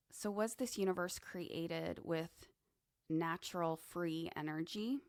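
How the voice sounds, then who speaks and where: A woman's voice: on the low side, dry recording, clean studio sound. A woman hosting a podcast, musing in a casual monologue with conversational asides. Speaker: podcast host. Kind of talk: casual monologue on esoteric topics.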